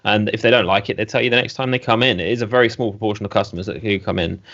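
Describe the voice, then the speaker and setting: A man, co-hosting a casual podcast chat and telling lively stories from his work in a vape shop. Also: fairly low pitch, rapid-fire, vocal fry. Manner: animated storyteller who acts out customers. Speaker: co-host and vape shop worker. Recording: dull lo-fi audio.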